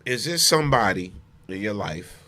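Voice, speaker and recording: A man's voice: fairly low pitch, very animated, normal speed, sharp tone. A man hosting a radio show, chatting in a slangy, playful way and often repeating himself. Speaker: radio host. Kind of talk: casual radio chat.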